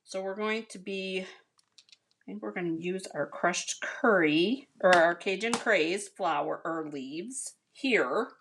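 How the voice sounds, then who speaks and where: A woman's voice: fairly low pitch, slow pace, a bit bright, a little hiss or hum. American woman crafter, leisurely and chatty, talks viewers through a stamping demo. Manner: chatty, talks to viewers as you guys and honey. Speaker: card-making instructor. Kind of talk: casual craft tutorial.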